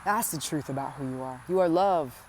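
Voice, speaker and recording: A woman with a fairly low voice speaks straight to her listener in an inspirational spiritual talk. She is earnest and tender, calling the listener endearing names. She drives points home by repeating her phrases. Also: moderate pace, a little mellow, a little hiss or hum. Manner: earnest, affectionate, addresses listener directly. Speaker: spiritual coach.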